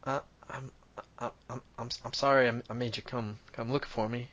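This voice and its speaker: A man voicing a shy, ashamed young boy who stutters in a very quiet voice, in a tabletop game. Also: medium pitch, steady tone, moderate pace, natural voice.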